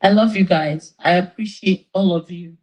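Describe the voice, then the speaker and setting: A woman's voice: lowish voice, moderate pace, darkish tone, rough recording. A woman on a live stream, tired and tearful, pleading with her fans. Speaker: livestreamer addressing fans.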